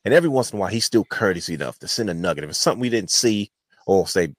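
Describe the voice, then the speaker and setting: A man's voice: low-pitched, animated, racing, dry recording. A man hosting a wrestling podcast, telling a long rambling story in casual chat. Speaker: podcast host.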